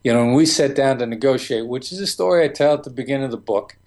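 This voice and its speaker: A man's voice: mid-range voice, quick pace, a little mellow. A man as an interview guest, explaining negotiation tactics and acting out remembered conversations. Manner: storytelling, acts out quoted exchanges.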